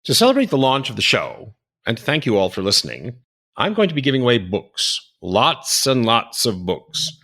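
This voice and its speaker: Closing out his podcast, a host in his fifties talks casually and meanders, switching accents along the way. He speaks at a moderate pace with a medium pitch, huge pitch swings, and a bright, forceful tone.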